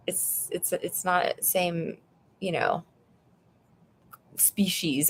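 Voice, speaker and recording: Creaky-voiced woman giving a blunt tarot reading. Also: lowish voice, sing-song, slow, long pauses. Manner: blunt, chatty, addresses viewer as "girl". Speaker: tarot reader. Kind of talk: live tarot reading, casual chat. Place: apartment room at home. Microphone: phone.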